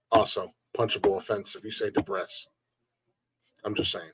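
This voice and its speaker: A man's voice: on the low side, fairly even intonation, measured pace, long pauses, slightly rough, dry recording. Profane, joking man on a live stream. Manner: blunt, profane, joking rants; laughs often between remarks. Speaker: podcast host reading chat. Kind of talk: casual live-stream chat.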